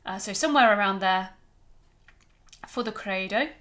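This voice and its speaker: A woman leading a choir rehearsal, gently coaching breathing and warm-up exercises and counting breaths aloud. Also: medium pitch, moderate pace. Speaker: choir director.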